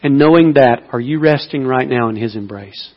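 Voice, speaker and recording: A male preacher of middling pitch delivers his sermon, swinging from slow, hushed appeals to loud, pleading cries. The sound is dull, with a long hall reverb trailing behind him.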